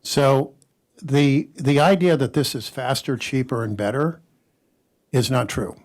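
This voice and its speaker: A man, a patent lawyer on a conference panel, telling an animated story and quoting others in character. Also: mid-range voice, a little slow. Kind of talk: anecdotal panel talk.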